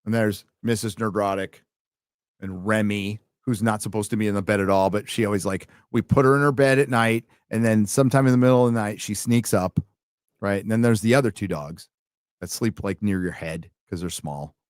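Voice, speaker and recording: A man's voice: fairly low pitch, brisk, no room sound, studio quality. A man hosting a casual late-night livestream, reading out viewer donations and rambling with wry, profane asides.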